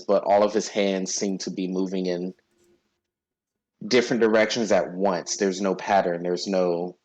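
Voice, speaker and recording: A man narrating a tabletop role-playing game as game master, describing scenes in a halting way. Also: deep voice, darkish tone, poor audio.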